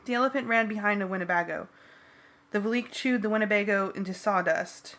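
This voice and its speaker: Woman, audiobook narrator, bright tone, wry, lively first-person reading. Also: mid-range voice, fairly quick. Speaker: audiobook reader.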